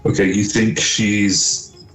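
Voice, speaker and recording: Deep-voiced man running a tabletop game. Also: little pitch movement, fairly bright tone, echoey room, recorded from a distance, soft background music, poor audio. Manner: casual, halting narration with many fillers. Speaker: game master.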